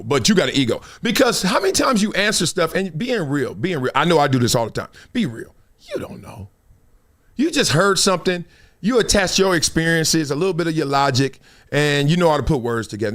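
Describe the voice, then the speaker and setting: A middle-aged man hosting a casual live-stream sports talk show, animated and laughing, jumping up to high exclamations. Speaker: show host.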